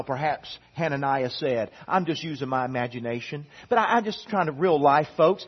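A man preaching a sermon in a church, moving from quiet asides to emphatic repeated lines, on a dull lo-fi recording. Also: a little high, moderate pace, hardly any pauses, slightly rough. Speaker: pastor. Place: church sanctuary.

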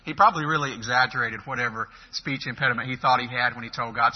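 A man's voice: medium pitch, steady tone, fast, hardly any pauses, husky. Emphatic preacher, man, lo-fi recording. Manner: emphatic, swings between loud and soft. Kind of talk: sermon. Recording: dull lo-fi recording.

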